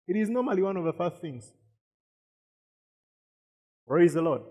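A man's voice: mid-range voice, moderate pace, long pauses, a little mellow. A man preaching a sermon, repeating words and asking the congregation questions. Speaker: pastor. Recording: long reverb of a hall.

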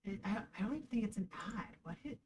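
A woman dog trainer giving casual reaction commentary, animated and sarcastic, often breaking into laughter. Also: medium pitch, fast, recorded from a distance, a little hiss or hum, poor audio.

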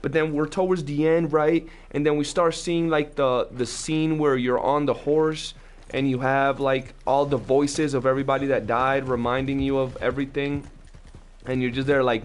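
A young man chatting casually on a live game stream, talkative and slangy, telling animated stories to his chat. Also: medium pitch, normal speed.

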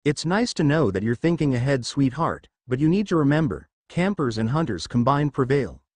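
A cocky young male hero speaks offhandedly with a lively pitch, read by a man narrating a storybook. The recording is close and dry, with no room sound, and the hero sounds sure of himself. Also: normal speed, no room sound. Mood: offhand. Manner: offhand, self-assured.

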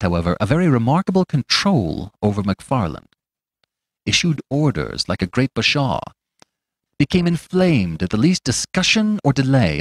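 A man narrating a classic story as an audiobook host, in a measured, dramatic manner. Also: on the low side, no echo. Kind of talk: scripted narration of a classic tale.

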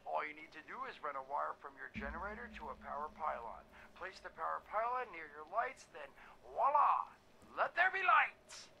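A man's voice: a little high, a little fast, creaky, few pauses, slight background noise, exaggerated voice, poor audio. An actor playing a cheery male holotape instructor, presenting like a showman in a game. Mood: instructive. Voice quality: lively, sing-song presenter voice. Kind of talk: recorded game audio tape.

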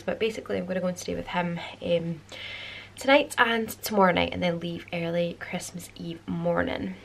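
A woman's voice: on the low side, gravelly, a little hiss or hum. A Scottish woman in her twenties chatting casually to camera at home in a vlog, rambling with lots of fillers. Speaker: vlogger. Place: at home, bedroom.

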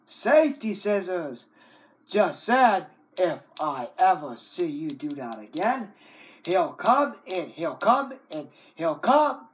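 Man with wild swings in pitch, slow and wailing. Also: very animated. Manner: scolds over and over, repeating words and stumbling; long wailing oh and whoa cries between threats. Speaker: video maker. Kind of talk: ranting at the computer on camera.

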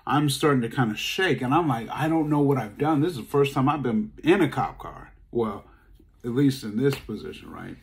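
Man telling a personal story, animated. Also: moderate pace, gravelly. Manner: animated, acts out dialogue, voice jumps high when upset; casual, conversational phrasing. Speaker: speaker.

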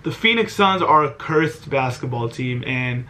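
A man's voice: medium pitch, expressive, unhurried, sharp tone. A man in his twenties venting in an exasperated, self-pitying rant about his team losing, filmed at home late at night. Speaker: vlogger. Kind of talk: venting sports reaction vlog.

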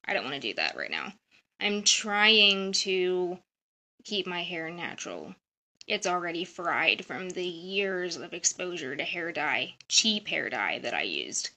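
A woman's voice: fairly low pitch, very animated, unhurried, sharp tone. Rambling, chatty woman on a live stream. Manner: rambling, chatty, jumps between topics. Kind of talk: casual live-stream chat. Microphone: phone or webcam on a live stream.

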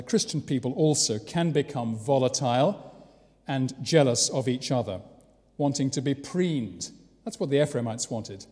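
A man's voice: on the high side, darkish tone. English male preacher, chatty sermon delivery, wry asides, long church reverb. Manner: conversational with rhetorical questions and wry asides. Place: large church.

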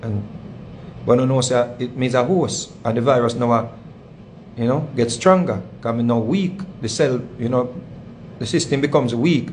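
A man with a Jamaican accent talks through a long story in a loose, rambling way, circling back and repeating himself. His voice sits at an ordinary middle pitch, with a faint hum of background noise behind him. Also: moderate pace, a little mellow. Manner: rambling, repetitive, heavy patois phrasing. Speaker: channel host. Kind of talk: casual storytelling monologue.

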